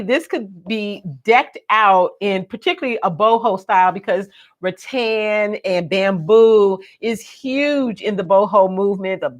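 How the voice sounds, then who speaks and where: A woman hosting a home decor video, chatting playfully and expressively as she demonstrates. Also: mid-range voice. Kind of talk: casual live demo.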